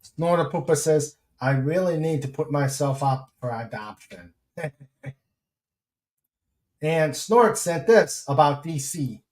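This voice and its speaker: Slow-talking man in an echoey room. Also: on the high side, lively intonation, darkish tone. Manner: reads listener messages aloud, counts slowly. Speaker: podcast host. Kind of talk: casual chat.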